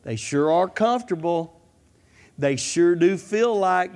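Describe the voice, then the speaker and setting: A man's voice: high-pitched, animated, takes it slowly, a little mellow. A man preaching a fervent sermon, repeating "come on" and "I'm telling you" as he presses his points. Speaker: pastor.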